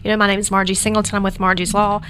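A woman's voice: medium pitch, little pitch movement, rapid-fire, a bit bright, a little hiss or hum. Woman guest, storytelling, filler-heavy, emotional. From Georgia, US. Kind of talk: casual interview conversation.

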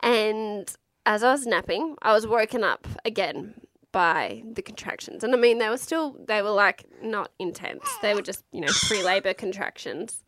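A woman in her thirties tells a personal story in a relaxed, candid way, with plenty of fillers and casual swearing. Her voice sits at a middle pitch. The sound is close and dry. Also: normal speed, no room sound. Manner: frank, chatty, swears freely, lots of fillers. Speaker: mother telling her birth story.

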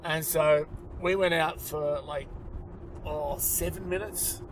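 Australian male comic in his fifties, slightly high voice, loose rambling storyteller, street traffic behind. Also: fairly even intonation, slow. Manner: rambling storyteller, lots of fillers. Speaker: comedian podcast co-host. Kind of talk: casual chat.

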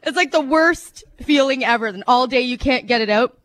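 A woman with a fairly high voice performs a shaky stand-up routine. She giggles nervously, trails off and mocks her own jokes as she rambles on. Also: normal speed, a bit bright, no echo. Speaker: radio host doing stand-up. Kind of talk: nervous amateur stand-up set.

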